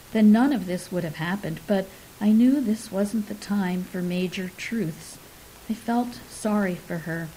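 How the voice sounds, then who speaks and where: A woman reading a story aloud in an unhurried, softly dramatic way, now and then dropping to a whisper. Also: medium pitch, a little hiss or hum, low-quality recording.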